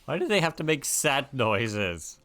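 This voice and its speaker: A man's voice: mid-range voice, big pitch swings, unhurried, a bit bright. A man streaming a video game, chatting casually with rambling, self-mocking asides. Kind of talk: casual gameplay chat.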